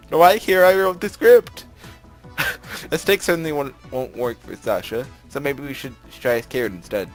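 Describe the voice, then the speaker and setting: A young man with a slightly high voice reads a visual novel aloud and riffs on it as he goes. He rambles, stumbles over his words and fills gaps with "like" and "you know". Faint game music plays behind him. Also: fairly bright tone. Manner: rambling, frequent laughs and filler words. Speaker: let's play narrator.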